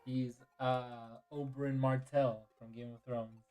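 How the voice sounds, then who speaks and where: A man's voice: mid-range voice, level tone, unhurried, darkish tone, faint music behind, rough recording. A tired man streaming a game and chatting casually with viewers. He yawns, answers chat, and apologizes often. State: tired and yawning.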